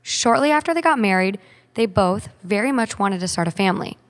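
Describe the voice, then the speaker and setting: A woman's voice: mid-range voice, expressive, a little fast. A woman podcast co-host reading a listener's story aloud, then chatting casually about it with frequent "like". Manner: reads steadily, then chats with frequent "like". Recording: long hall reverb.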